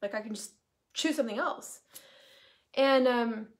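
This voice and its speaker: A woman's voice: fairly high pitch, measured pace. Chatty woman hosting a live stream. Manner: animated, swearing, trailing asides. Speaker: host, coaching facilitator. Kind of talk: casual live-stream monologue.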